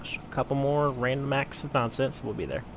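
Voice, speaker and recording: A man hosting a story-focused game playthrough, making quiet, offhand asides. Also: medium pitch, fairly quick, background noise. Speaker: let's play host. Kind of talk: casual game commentary.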